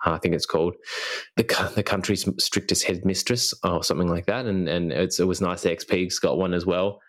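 Man, young adult, very low voice, casual chat, rambling, self-correcting. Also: steady tone, brisk, a bit bright. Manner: acts out remembered dialogue. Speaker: podcast co-host recounting a school visit.

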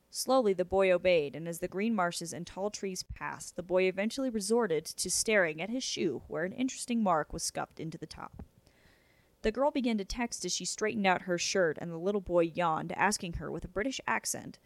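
A young woman hosting a podcast, reading a book chapter aloud in a casual, steady way. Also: fairly low pitch, moderate pace, dry recording. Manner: casual, chatty intro then steady reading.

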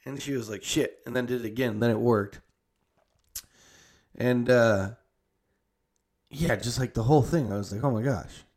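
A man's voice: mid-range voice, normal speed, long pauses, a little mellow. A young man telling a long family story in casual, rambling speech full of "like" and restarts. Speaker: storyteller recounting a family visit.

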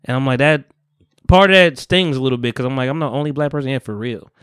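A man's voice: medium pitch, quick pace, fairly bright tone, clear, resonant tone, no room sound, studio quality. A man hosting a podcast in a loose, laughing storytelling way, a bit tipsy from wine and acting out what people said. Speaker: podcast host. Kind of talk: casual chat.

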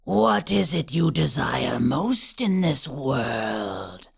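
A performer voicing an ancient, scheming witch trapped in a cup, with an eerie, scraping, whispery voice and slow, theatrical delivery. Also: rumbling low, sing-song, vocal fry, slightly rough, full character voice. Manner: drawn-out, theatrical, swooping delivery. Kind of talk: audiobook character voice.

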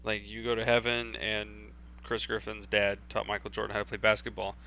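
A young man from Texas tells a long story among friends, animated and full of cursing. His voice is bright and forceful. A faint hum sits under the recording. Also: on the low side, a little fast, gravelly. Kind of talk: casual storytelling.

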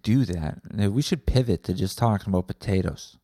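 A young Canadian man hosting a comedic solo podcast, rambling and swearing with deadpan asides. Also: low-pitched, moderate pace, no room sound, clean studio sound. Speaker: podcast host.

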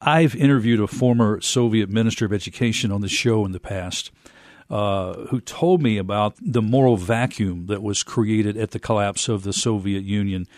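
A man hosting a radio interview, asking measured questions with long setups. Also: fairly low pitch, darkish tone, no echo, studio quality. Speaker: radio show host.

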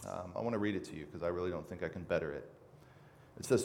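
A man's voice: low voice, fast, gravelly, a little mellow. A man preaching a sermon as pastor, earnestly reading scripture aloud with emphasis. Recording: reverberant hall with faint noise.

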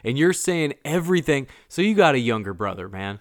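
A man co-hosting a casual chat about old horror movies, joking around and slipping into silly voices. His voice sits at an ordinary pitch and sounds dry and close to the mic, with no room around it. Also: sing-song, a little fast, dry recording. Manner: jokey, acts out silly voices mid-story. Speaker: podcast co-host.

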